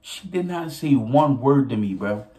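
A young man telling a story casually to his viewers, animated and profane, often laughing as he goes. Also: mid-range voice, measured pace. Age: young adult. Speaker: vlogger.

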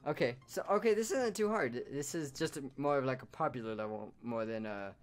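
Excitable man narrating his gameplay. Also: brisk, soft background music. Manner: excitable, shouts in surprise then mutters low. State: hiccups. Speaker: gaming YouTuber. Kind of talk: casual gameplay commentary.

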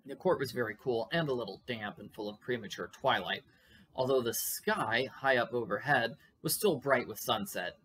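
A man's voice: medium pitch, normal speed, sharp tone, slight background noise. A man reading a classic novel aloud, with chatty, musing comments between chapters. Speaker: audiobook reader.

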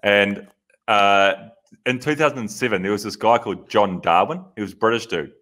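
A man, a podcast co-host recounting a story in relaxed, halting casual chat. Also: fairly low pitch.

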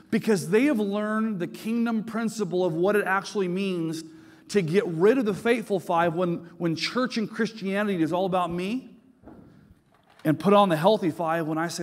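A middle-aged man preaching a sermon as pastor, telling stories with lively emphasis and frequent repetition. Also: high-pitched, normal speed. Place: large church sanctuary. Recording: long hall reverb of a church sanctuary.

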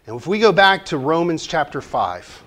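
A man's voice: a little high, big pitch swings, moderate pace, fairly bright tone. A man teaching a church Bible study class in a conversational way, asking the group questions and joking lightly.

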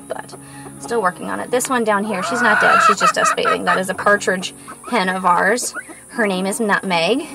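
A woman's voice: mid-range voice, low-quality recording. A woman giving a casual tour of her farm outdoors, chatting and cooing baby talk at her animals while out of breath from walking in the heat.

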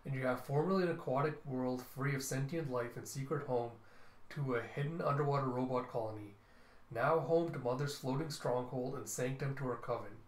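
A man's voice: mid-range voice, fairly quick, roomy sound, rough recording. A man casually retelling a comic book story, scene by scene. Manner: casual, animated. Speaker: comic reviewer.

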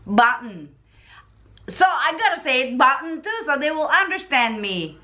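A Filipina woman with a Filipino accent chatting casually in a vlog, telling stories in an animated way. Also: high-pitched, moderate pace. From Philippines. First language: Tagalog. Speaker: vlogger. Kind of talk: casual chat.

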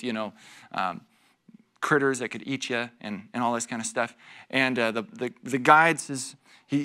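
In a church, a man with a fairly high, sharp voice leads a Bible study as a pastor, delivering an expository sermon. He reads scripture with mounting force and acts out small scenes.

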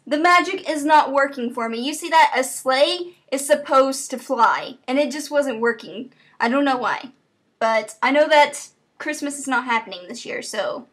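A woman hosting a let's play, reacting to the game with swearing, laughing and shouting. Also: high-pitched, background noise. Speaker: gaming channel host.

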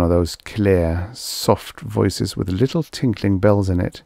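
A man's voice: sits low, slow, creaky, warm tone, dry recording. A man narrating a vintage story aloud in a wry first-person telling. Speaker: audiobook narrator. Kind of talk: scripted narration.

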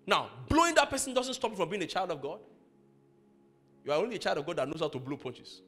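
A man preaching a sermon as pastor of a church, acting out people's quarrels in lively voices. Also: high-pitched, a little fast, soft background music. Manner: animated preacher acting out quarrels, laughing at his own stories.

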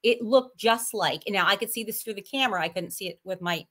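A woman on a casual podcast panel, telling a story in a rambling, halting way, with many restarts and laughs. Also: mid-range voice, fairly bright tone. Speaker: panel guest.

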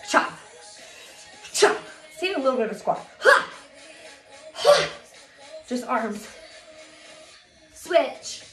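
A woman fitness instructor coaching a low-impact cardio workout, energetic and a little out of breath as she counts reps and cheers people on. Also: slow pace, pauses often. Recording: echoey room with music.

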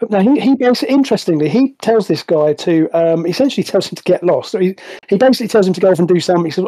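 A man's voice: high voice, expressive, racing, hardly any pauses, warm tone. A man narrating as game master of a tabletop game over a voice call, rambling and restarting often. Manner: rambling, many restarts and fillers. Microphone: voice call headset.

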